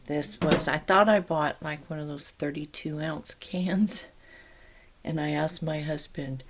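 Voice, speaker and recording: A woman's voice: low voice, steady tone, a little slow. A woman chatting casually in her home kitchen as she shows a canning task, rambling into asides as she works.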